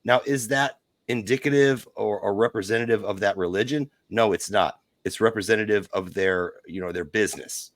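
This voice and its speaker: A man's voice: on the low side, normal speed, hardly any pauses, no room sound. A man on a podcast, talking emphatically and giving firm opinions in casual chat.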